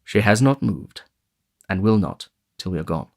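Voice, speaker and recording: A man voicing a kindly, earnest old gentleman in an audiobook, measured and solemn. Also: lowish voice, lively intonation, vocal fry.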